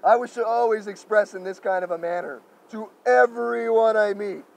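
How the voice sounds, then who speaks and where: A man giving an improvised spiritual monologue to camera, effusive and gentle, pausing often and repeating thanks and loving affirmations. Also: sits high, vocal fry, a little hiss or hum, poor audio. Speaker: spiritual speaker.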